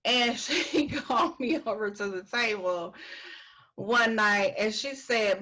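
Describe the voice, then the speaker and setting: A woman hosting a casual author chat, telling stories with lively laughter. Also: fairly high pitch, slow pace, poor audio. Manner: animated storyteller, laughs often. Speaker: host.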